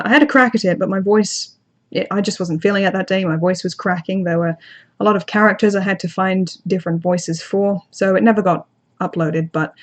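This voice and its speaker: A young woman hosting a casual livestream, reading and answering chat in a chatty, self-deprecating way with frequent restarts. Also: mid-range voice. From outside the United States. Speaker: channel host reading live chat.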